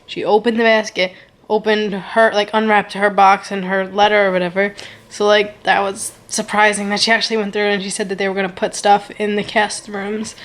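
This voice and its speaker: A young woman telling a casual storytime vlog, gushing and rambling, with lots of "like" and "so good". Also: mid-range voice. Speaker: vlogger.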